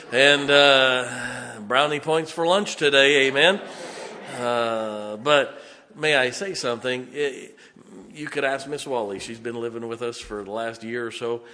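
Slow-talking pastor guy preaching, bright voice, big echoey church sound. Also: medium pitch. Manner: folksy storytelling that builds to emphatic preaching. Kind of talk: sermon. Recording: long church reverb.

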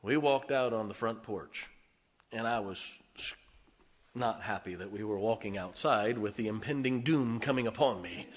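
A man's voice: on the low side, normal speed, husky, in a large hall. A middle-aged man from northern Ohio telling a personal story in a folksy, conversational way, acting out the voices in it. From northern Ohio, near Lake Erie. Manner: folksy, conversational, acts out quoted dialogue.

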